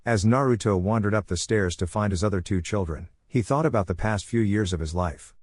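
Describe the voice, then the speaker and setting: Guy with a low voice reading fan fiction, steady and plain, dry close audio. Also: fairly quick, dry recording. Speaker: narrator.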